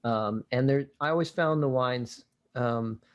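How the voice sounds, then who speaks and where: A man's voice: medium pitch, measured pace, muffled recording. A man co-hosting a casual educational wine show, describing wines with enthusiasm and vivid tasting terms.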